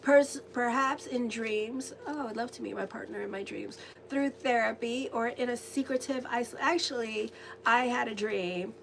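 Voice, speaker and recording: A woman astrologer giving a casual, rambling tarot and horoscope reading, chatty and quick to laugh. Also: a little high, vocal fry, a little hiss or hum.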